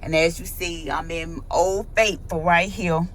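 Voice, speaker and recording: A woman's voice: lowish voice, fairly even intonation, unhurried, fairly bright tone, slight background noise. A woman, talking casually to her vlog audience and venting emphatically, repeating herself. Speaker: vlogger. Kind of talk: casual vlog talk to camera. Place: parked in her truck.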